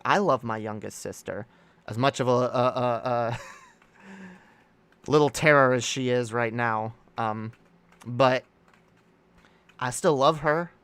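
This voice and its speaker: A man hosting a casual livestream, talking in a rambling, halting way with many restarts and reading viewer comments aloud to react to them. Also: medium pitch, fairly bright tone, smooth, dry recording. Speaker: streamer host.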